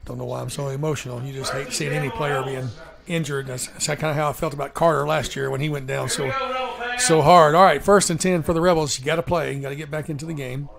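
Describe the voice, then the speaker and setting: Folksy, gravelly local sports announcer, man. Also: on the high side, quick pace. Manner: folksy, emotional, bursts into excitement on big plays. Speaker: play-by-play commentator. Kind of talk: live local sports commentary. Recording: crowd noise behind.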